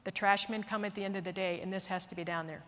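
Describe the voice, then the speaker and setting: A woman quoting a calm, firm, matter-of-fact nun, heard in a hall with long reverb. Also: medium pitch, fast talker, natural voice.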